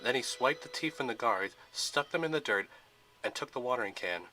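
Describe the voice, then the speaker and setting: A man reads out a fan-made adventure film in a plain storytelling style. His voice is bright and sharp. His pitch sits in an ordinary middle range. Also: lively intonation, brisk, soft background music. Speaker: narrator.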